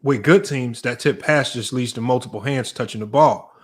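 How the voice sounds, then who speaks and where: An emphatic man breaking down basketball defense in a casual sports debate. He speaks at an ordinary middle pitch and often restarts his phrases while building a point. The tone is that of a coach explaining the game. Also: normal speed. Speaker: basketball coach and podcast host.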